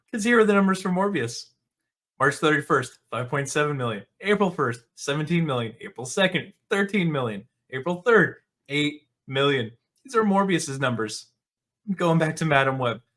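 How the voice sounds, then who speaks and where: Sarcastic man with a higher voice. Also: pushed and bright. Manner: sarcastic, mocking. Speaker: movie commentary host. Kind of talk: casual commentary.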